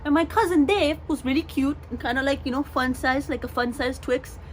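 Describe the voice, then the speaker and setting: Young woman, storytime vlogger, animated, acts out voices, highish voice, faint background noise. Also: a little fast. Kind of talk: storytime vlog.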